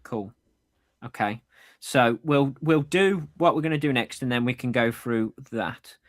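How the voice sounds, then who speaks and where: A man's voice: medium pitch, unhurried. A man co-hosting a running podcast over a remote call, chatty and stumbling, laughing at his own slips. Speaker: podcast co-host. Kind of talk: casual chat. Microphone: AirPods.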